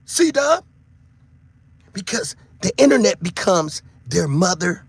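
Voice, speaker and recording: A man, preaching to his online viewers in a loose monologue, swearing freely and shouting for emphasis. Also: high-pitched, animated, moderate pace, gravelly, no echo. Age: 50s. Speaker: online show host.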